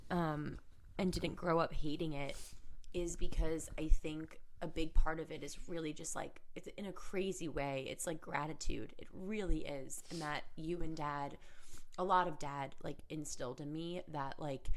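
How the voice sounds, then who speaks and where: A woman's voice: low voice, a little slow, a little hiss or hum. A woman hosting a podcast, talking reflectively in a casual conversation with many filler words. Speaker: podcast host.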